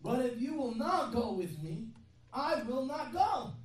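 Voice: high-pitched, lively intonation, a little slow. Brief: chatty, joking preacher mid-sermon, far from the mic in a very reverberant hall with faint ambience. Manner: conversational, joking asides to the congregation.

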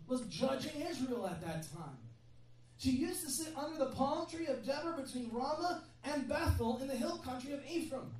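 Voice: medium pitch, darkish tone. A preacher giving a sermon in a conversational style, joking with the congregation in asides. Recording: very echoey hall, mic far off, faint ambience.

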